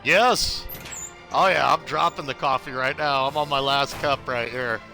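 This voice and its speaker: Bright, upbeat male game streamer. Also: mid-range voice, unhurried, creaky, faint music behind. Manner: chatty, upbeat, greets viewers by name. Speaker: gaming livestreamer. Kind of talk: casual live gameplay commentary.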